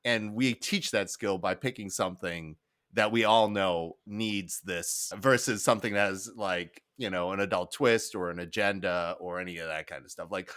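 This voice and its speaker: Dry-sounding podcast host from Detroit. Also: male voice, low voice, fairly bright tone, no room sound. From Detroit, United States. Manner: storytelling, emphatic, laughs while telling anecdotes. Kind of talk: casual chat.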